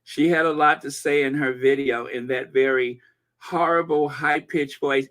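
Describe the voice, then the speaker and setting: A man hosting a live-stream commentary, reading viewer comments aloud in an animated, gossipy way. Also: medium pitch, moderate pace. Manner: animated and gossipy, breaking into laughter. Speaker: channel host.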